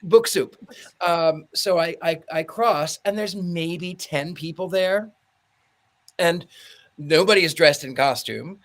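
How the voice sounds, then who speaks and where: Brief: a fairly high-voiced man, animated podcast storyteller. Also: slow pace. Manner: animated storyteller, acts out quotes. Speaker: podcast co-host. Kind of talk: casual chat.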